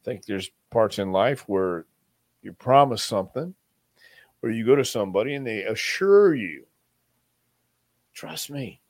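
A man's voice: lowish voice, expressive, normal speed, no room sound. A man as an interview guest, telling stories in a rambling way with many restarts and acted-out quotes. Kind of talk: casual storytelling interview.

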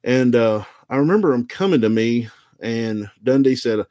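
A man from the American South, a former wrestler, telling stories in a relaxed, rambling, self-deprecating way. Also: medium pitch, normal speed, no room sound. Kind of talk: casual storytelling.

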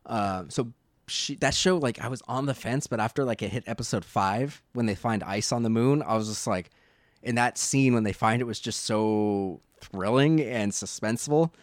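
A man co-hosting a podcast, chatting casually about shows and films in a rambling, animated way with many restarts. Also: medium pitch, moderate pace, no room sound, studio quality. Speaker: podcast co-host. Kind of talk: casual movie chat.

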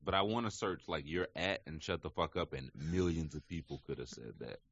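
A man's voice: rumbling low, brisk, a bit bright, muffled recording. A man co-hosting a podcast, teasing his guest with laughing jabs in casual banter. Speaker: podcast co-host.

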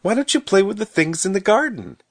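A kind little girl's voice, raised well above a man's usual pitch, as a male storyteller puts her on. She talks gently and coaxingly, with lively ups and downs. A storybook reading in a dry, close room. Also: brisk, no room sound, full character voice. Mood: gentle, coaxing. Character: kind, sweet-natured little girl.

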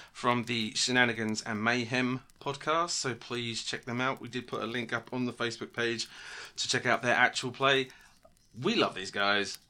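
A man co-hosting a podcast, casual and quick to laugh, swearing now and then. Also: mid-range voice, sharp tone. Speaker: podcast co-host. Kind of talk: casual chat.

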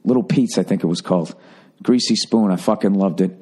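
A man's voice: deep voice, a little fast, breathy edge. Profane, rambling man telling a story. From Boston area. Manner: profane, rambling, animated when doing quoted voices. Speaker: podcast host. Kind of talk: casual storytelling monologue.

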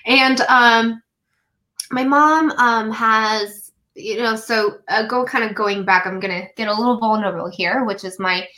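A woman from the United States, a guest in a conversation, tells a personal story earnestly, often saying "um" and "like" and slowing some phrases for emphasis. Her voice is a little high, bright, and forceful, and the audio is poor.

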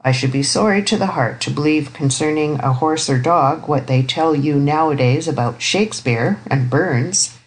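A woman reading the part of a stern, ironic elderly uncle in an audiobook, speaking gravely and precisely. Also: low-pitched, normal speed, close to an everyday voice, rough recording.

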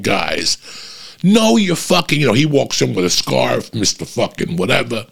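A middle-aged man, telling a profane stand-up story that rises into loud, animated rants. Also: mid-range voice, measured pace, gravelly. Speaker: stand-up comedian.

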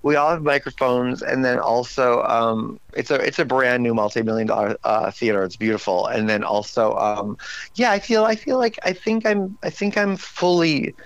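A tired man in his forties chats casually, his voice slightly worn and strained. He jumps into lively, raised impressions of his own outbursts as he tells his stories. The sound is close and dry. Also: mid-range voice, normal speed, clean tone, no echo, highs cut off. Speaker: guest. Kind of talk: casual interview chat.

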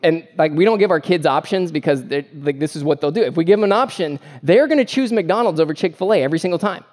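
A man's voice: a little high, fast talker, darkish tone. A man preaching a sermon as pastor, earnest and emphatic, with repeated phrases and joking asides about family life.

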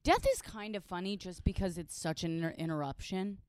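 A woman's voice: on the low side, fairly quick, darkish tone, clean tone, dry recording. Teasing female podcast co-host. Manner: teasing, mock-indignant, laughing. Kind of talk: casual comedy podcast chat.

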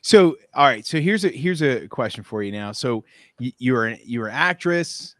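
A woman's voice: a bass voice, expressive, moderate pace, fairly bright tone, dry recording. A woman hosting a casual interview, asking friendly questions with frequent restarts. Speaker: interview host.

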